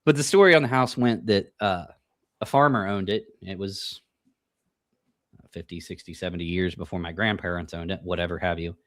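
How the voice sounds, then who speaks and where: A man with a Midwestern American accent chats casually as a paranormal podcast co-host. His voice sits a little low and the sound is dry and close. He tells stories loosely, with frequent swearing and laughter. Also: moderate pace, a bit bright, no echo. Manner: laid-back storyteller, swears and laughs often. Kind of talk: casual chat.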